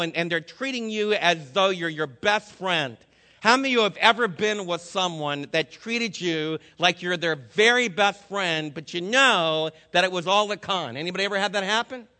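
A man's voice: high voice, brisk, bright, forceful tone, long reverb tail. An older man preaching a sermon with energy, asking his listeners many questions. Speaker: pastor.

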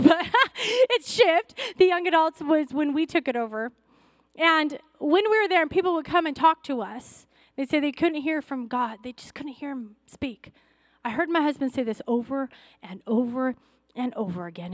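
A woman's voice: high-pitched, expressive, moderate pace, no room sound, studio quality. A woman pastor preaching a fervent sermon, exhorting her church with rising, repeated calls.

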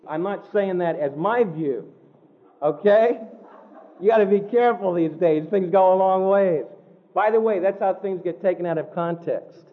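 High-voiced preacher on a tinny line. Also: male voice. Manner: vivid storytelling, shifts between slow emphasis and quick asides. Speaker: pastor. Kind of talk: sermon. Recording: tinny phone-like sound.

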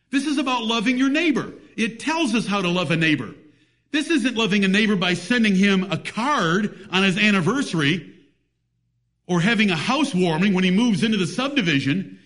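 A man with a fairly high voice preaches a sermon. He speaks emphatically and reads scripture in old-fashioned biblical wording. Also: expressive, moderate pace, fairly bright tone.

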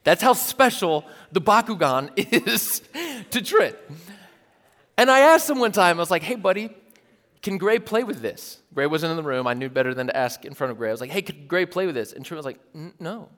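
A man in his thirties preaching a casual, storytelling sermon, animated and self-amused, with lots of "like" fillers. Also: on the high side, brisk. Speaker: pastor. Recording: long reverb of a large hall.

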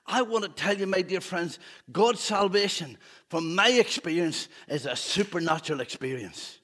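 A man's voice: high voice, moderate pace, a bit bright. A man preaching a fervent evening sermon in church, with humorous asides.

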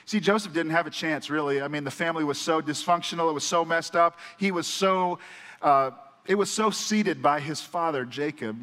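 A man's voice: a little high, moderate pace, bright, forceful tone. Earnest male pastor in a reverberant church. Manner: earnest, conversational storytelling. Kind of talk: sermon. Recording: church hall with long reverb.

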